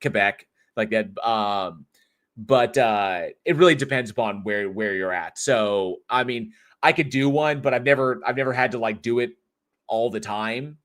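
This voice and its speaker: A man at an ordinary middle pitch hosts a casual live online talk show. He chats, rambles and jokes with the audience, loose and unscripted. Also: normal speed, a bit bright. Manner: chatty, jokey, rambling. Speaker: host.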